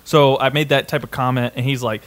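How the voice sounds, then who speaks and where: A man's voice: mid-range voice, flat delivery, brisk. A man co-hosting a podcast, telling a long story in casual chat with lots of swearing and restarts. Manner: rambling, swears often, many restarts. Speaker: podcast co-host.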